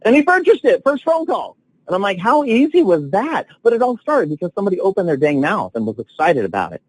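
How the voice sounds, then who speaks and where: A man coaching salespeople on a training call, telling stories with excitement and lively swings in his voice. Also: high-pitched, fast, no room sound, poor audio. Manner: enthusiastic, animated storytelling with big swings.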